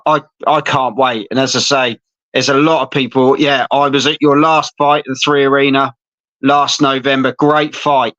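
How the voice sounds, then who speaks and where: A man hosting a chatty interview, his voice bright and forceful. He sounds friendly and rambling, and the sound is dry and a little dull. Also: medium pitch, no room sound. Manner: chatty, friendly, says "mate" and "isn't it". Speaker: interview host. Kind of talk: casual interview.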